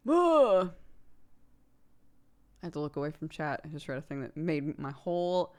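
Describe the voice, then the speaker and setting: Woman streamer host, casual chatty delivery, lower smooth voice, loose and rambling. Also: fairly even intonation, fast talker, mellow. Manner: chatty, rambling, with many "like" fillers and frequent laughs. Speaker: mother of a toddler. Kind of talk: casual chat with stream viewers.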